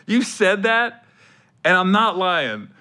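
Animated, bright-voiced male comedian. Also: high voice, slow, clear, resonant tone. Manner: animated, laughing, storytelling. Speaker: podcast host and comedian. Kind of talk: casual podcast banter.

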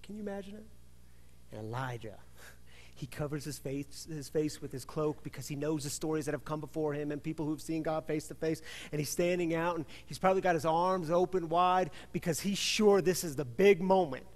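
Male pastor, slightly high voice, animated storytelling sermon, long church reverb. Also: a little fast, hardly any pauses. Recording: reverberant hall.

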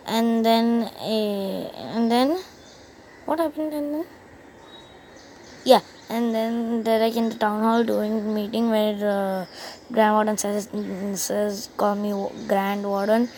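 A woman's voice: on the high side, fairly even intonation, takes it slowly, a little mellow, a little hiss or hum, low-quality recording. A woman hosting a casual gaming channel, rambling through a game session and a cartoon plot, with many restarts. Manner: rambling, many restarts, loses track of the story. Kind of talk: casual gaming commentary and story retelling.

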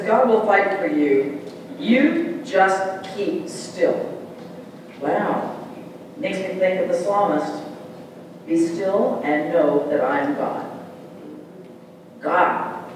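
Animated preacher in echoey church hall. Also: male voice, high-pitched, far from the mic, slight background noise. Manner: animated, call-and-response preaching. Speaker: pastor. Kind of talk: sermon. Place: large church sanctuary.

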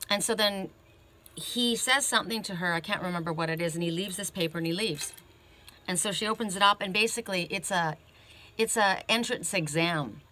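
A woman oracle reader tells a story in a casual, wandering way, stumbling over her words and starting lines again. Her voice sits slightly low, but its tone is bright and forward. She keeps checking in with her listeners. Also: a little fast, slight background noise. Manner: rambling retelling full of "you know" and "right?"; self-interrupting, restarts her sentences often. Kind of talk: casual storytelling in a card reading.

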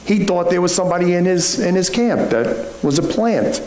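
A man's voice: sits high, normal speed, a little mellow. A male pastor preaching a sermon in a conversational style, full of rhetorical questions. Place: church sanctuary. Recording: echoey room, faint background hum.

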